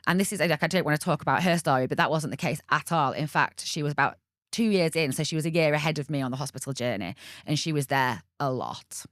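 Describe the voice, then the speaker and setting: A woman in her thirties, a podcast guest, telling her own story candidly in an animated, chatty way. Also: low-pitched, fast, no room sound, clean studio sound. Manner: chatty, animated, laughs often and acts out quoted voices.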